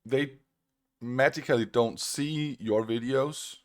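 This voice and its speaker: A man's voice: medium pitch, slow pace. A man from Australia, recording a casual commentary video where he answers a critic in a sarcastic, mocking tone and repeats his points. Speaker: online video creator responding to a critic.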